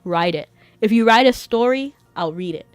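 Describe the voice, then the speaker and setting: A woman's voice: fairly high pitch, expressive, normal speed, clean tone, no room sound. Giggly young woman chatting while gaming. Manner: chatty, giggles often between remarks. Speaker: game streamer. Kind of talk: casual gameplay chat.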